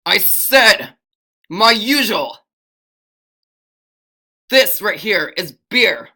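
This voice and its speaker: An amateur storyteller putting on the voice of a hot-tempered young male hero, who shouts in a high, loud voice. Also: lively intonation, extremely slow, heavily acted. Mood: furious. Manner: shouting, indignant.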